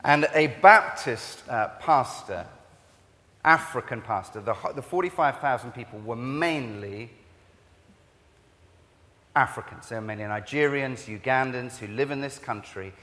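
Preacher in a reverberant hall. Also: male voice, mid-range voice. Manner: conversational, halting with fillers, animated in anecdotes. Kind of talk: sermon with storytelling.

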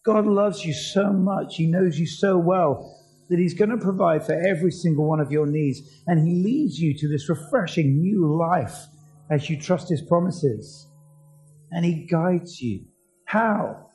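Earnest preacher with a mellow voice. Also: male voice, a little high, measured pace, soft background music, poor audio. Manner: earnest, asks the congregation many questions. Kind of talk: sermon.

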